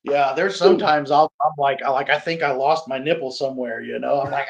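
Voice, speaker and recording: This man is a professional wrestler talking loosely as an interview guest, his medium-pitched voice a little fast with some vocal fry. Lively and self-deprecating, he keeps laughing and restarting or repeating lines. The recording's high frequencies are cut off.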